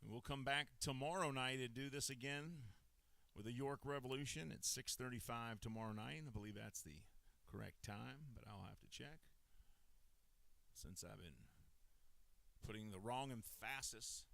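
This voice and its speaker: A man calling live baseball play-by-play in a steady, measured pitch-by-pitch manner. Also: vocal fry, no room sound. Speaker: play-by-play announcer.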